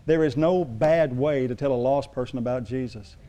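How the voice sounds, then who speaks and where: A man's voice: mid-range voice, normal speed, dark tone. A middle-aged male pastor preaching a sermon, telling stories in a loose, rambling way with restarts.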